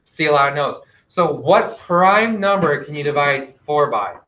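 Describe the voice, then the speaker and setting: A man's voice: on the high side, animated, measured pace, lo-fi sound. Man teaching math in an echoey classroom. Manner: asks students questions, gently directive.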